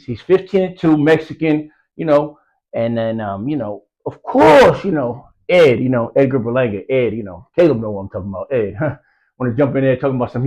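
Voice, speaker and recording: A man's voice: fairly high pitch, a little mellow, poor audio. A man giving casual boxing commentary, rambling with lots of fillers and street slang, from the US East Coast. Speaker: boxing news vlogger.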